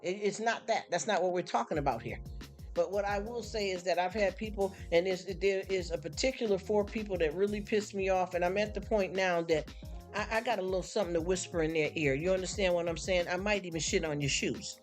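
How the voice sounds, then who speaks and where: A woman's voice: lowish voice, brisk, faint music behind. A woman hosting a live stream, venting bluntly to her chat and mocking people with put-on voices. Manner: blunt, fired-up, mocking impressions.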